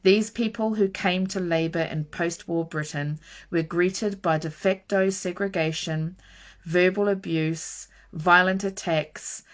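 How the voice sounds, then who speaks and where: A woman host reading a nonfiction book aloud in a measured, emphatic way, stressing each item in her lists. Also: on the low side, fairly even intonation.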